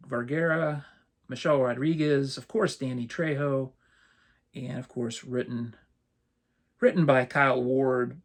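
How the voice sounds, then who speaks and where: A man, casually running through his latest movie purchases as a channel host, relaxed and rambling. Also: medium pitch, vocal fry. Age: 50s. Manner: relaxed, rambling, chuckles often. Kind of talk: casual haul rundown.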